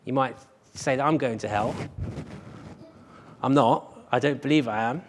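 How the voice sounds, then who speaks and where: A man's voice: mid-range voice, unhurried, a little hiss or hum. A man preaching a sermon as pastor at a church service, earnest and emphatic, driving his points home with repeated phrases.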